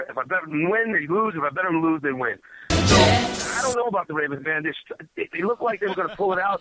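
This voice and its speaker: A man calling into a sports show while driving home, chatting in a relaxed, hesitant way. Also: high-pitched, dry recording. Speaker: caller. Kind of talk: casual phone-in chat. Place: driving in a car. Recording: tinny phone line from a car.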